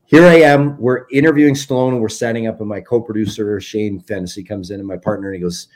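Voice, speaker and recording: A man in his forties, a documentary filmmaker, chatting as an interview guest and telling animated stories while acting out quoted dialogue. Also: lowish voice, quick pace. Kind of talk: casual interview storytelling.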